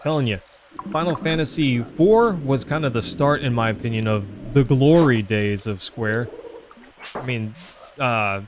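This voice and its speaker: Homem streamer sulista falante. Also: male voice, mid-range voice, background noise. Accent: Southern US. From Southern United States. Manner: chatty, rambling, answers chat by name, many uh fillers. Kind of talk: casual live-stream chat while gaming.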